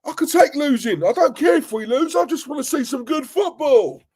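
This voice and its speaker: A man imitating a male rival football fan calling a radio show, in a high, loud voice. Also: animated, normal speed. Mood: protesting.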